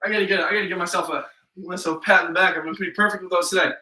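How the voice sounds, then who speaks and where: A fitness instructor leads a live workout with upbeat cues and countdowns. His voice is high and bright. He sounds a little distant from the mic in an echoey room. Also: steady tone, rapid-fire.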